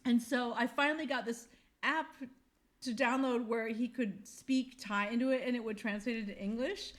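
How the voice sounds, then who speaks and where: A woman in her fifties co-hosting a podcast, telling a travel story in a casual, animated way and acting out the voices of the people in it. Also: on the high side, moderate pace. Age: 50s. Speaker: podcast co-host. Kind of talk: casual chat.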